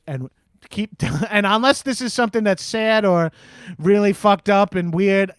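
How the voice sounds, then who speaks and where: Taking calls on an improvised comedy show, this man plays a boastful, foul-mouthed radio host with a Long Island accent, swaggering and tossing out "bro" and curse words. His voice sits high and is close to an everyday voice, in a dry, studio-quality recording.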